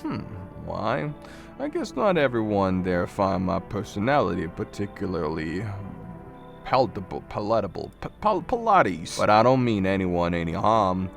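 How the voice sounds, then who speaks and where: A man's voice: sits low, sing-song, normal speed, soft background music, pitched below the performer's own voice, exaggerated voice. A man voicing a tall, eerie male visitor creature in a game, polite and faintly menacing. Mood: courteous. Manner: smooth, courteous, faintly menacing. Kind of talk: game dialogue read aloud.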